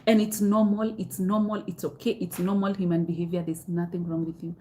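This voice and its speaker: A woman's voice: fairly low pitch, little pitch movement, fairly quick, dark tone, a little hiss or hum. A young Kenyan woman hosting a live self-help stream, answering viewers' comments candidly and repeating her advice, with Swahili phrases mixed in.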